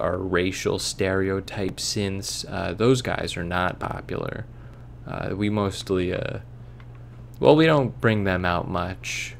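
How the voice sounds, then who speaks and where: A man's voice: deep voice, creaky, a little hiss or hum. A man hosting a let's play, rambling, joking and swearing in casual gameplay commentary. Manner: rambling, joking, profane, puts on silly voices.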